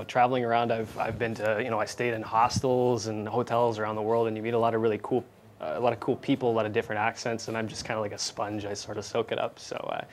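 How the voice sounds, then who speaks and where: A man, an airline pilot, chatting casually as a remote interview guest, laid-back and quick to laugh, with plenty of fillers. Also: medium pitch, a little hiss or hum. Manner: laid-back, giggly, lots of "uh" and "you know". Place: remote interview link from another city.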